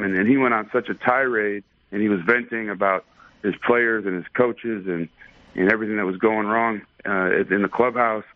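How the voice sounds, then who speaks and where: Low-voiced man on a phone line. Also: fairly even intonation, brisk. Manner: easygoing, thoughtful, many fillers. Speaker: baseball umpire, interview guest. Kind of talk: casual storytelling in a radio interview.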